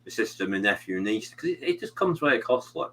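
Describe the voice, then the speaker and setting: A man's voice: fairly low pitch, very animated, quick pace, sharp tone, rough recording. A British man hosting a live stream, chatting casually in a rambling way with many fillers. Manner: rambling, many fillers and "you know what I mean". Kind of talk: casual chat.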